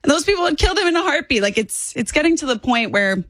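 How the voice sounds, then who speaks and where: A woman in her twenties, a guest on a political talk show, speaking fast and emphatically with strong opinions. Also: sits high, very animated, a bit bright, no echo. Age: 20s.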